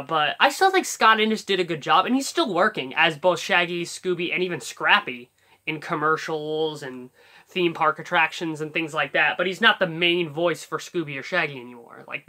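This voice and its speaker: A YouTuber with a medium-pitched, sharp-toned voice explains cartoon voice impressions in a loose, rambling way. Fillers pile up as they think out loud during this casual tutorial talk.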